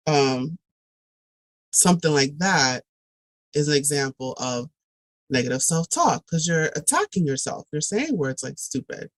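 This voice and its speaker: Slow low-voiced woman, thoughtful. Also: lively intonation, dry recording, low-quality recording. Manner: thoughtful, reflective, frequent ums and restarts. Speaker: podcast guest, tutoring director. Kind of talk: casual podcast talk.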